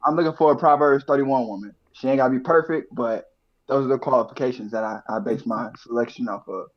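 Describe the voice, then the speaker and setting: A young man in his twenties, a dating show contestant who talks in a relaxed, hesitant way with many fillers. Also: mid-range voice, fast, muffled recording. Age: 20s. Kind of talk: casual chat.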